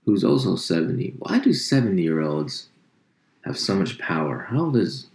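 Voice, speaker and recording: A very deep, gravelly male voice rambles through casual, profane chat, poking fun at himself as he goes. He speaks into a desk mic in an echoey room. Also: very animated, normal speed, darkish tone. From United States. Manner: rambling, profane, self-mocking. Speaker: podcast host.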